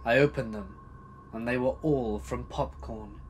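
A man reading a scary true story as a narrator, dramatic, swinging between loud bursts and hushed asides. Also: mid-range voice, unhurried, slight background noise. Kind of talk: scripted horror story narration.

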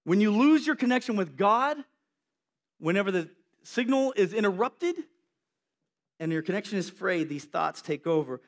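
A man with a high voice delivers a youth sermon. He is animated and slips in and out of playing the characters in his story. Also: normal speed.

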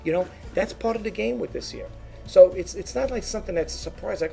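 A man's voice: high voice, fairly quick, vocal fry, mellow, faint music behind. A man who resells online, chatting casually to his viewers, rambling and repeating words as he goes. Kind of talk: casual talk to camera.

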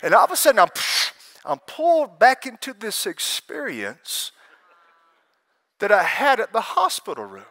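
Preacher, high bright voice, lively storyteller. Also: male voice, a little slow. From Alabama. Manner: animated storytelling, acts out quoted voices, laughs often. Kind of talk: testimony sermon at a conference. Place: conference hall with live audience.

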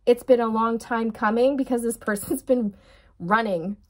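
A woman's voice: a little high, normal speed. A woman giving a casual tarot reading, chatty and addressing viewers directly, often breaking into giggles. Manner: giggly, bursts into laughter. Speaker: tarot reader.

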